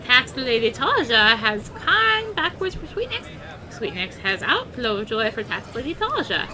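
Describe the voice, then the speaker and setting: A woman's voice: on the high side, very animated, a little slow, crowd noise. A woman doing a cheerful goblin in broken speech. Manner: broken, childlike grammar.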